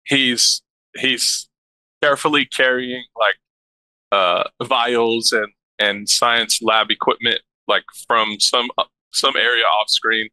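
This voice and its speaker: A man in a tabletop role-playing session who describes what his character is doing in loose, rambling phrases. His voice is strikingly bright and edgy, and it sounds dry and close, with no room echo. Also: mid-range voice, steady tone, slow pace, smooth. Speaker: player. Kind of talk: casual chat.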